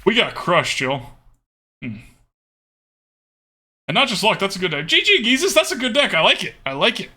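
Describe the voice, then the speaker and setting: Young guy streaming a card game, kinda high voice, talks to himself a lot, lots of hmms and okays. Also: very animated, moderate pace, pauses often, sharp tone. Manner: thinks aloud with murmured hmms and repeated okays. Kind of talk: casual live gameplay commentary.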